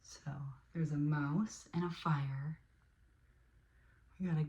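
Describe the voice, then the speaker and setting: A woman reading a children's picture book aloud as host, animated, with playful sound effects and asides to her listeners. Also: lowish voice, slow pace. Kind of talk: storybook read-aloud for children.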